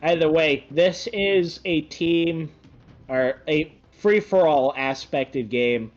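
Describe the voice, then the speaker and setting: A man's voice: a little high, takes it slowly, highs cut off. Rambling male game commentator. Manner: rambling, self-correcting, excited bursts. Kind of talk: casual esports-style commentary.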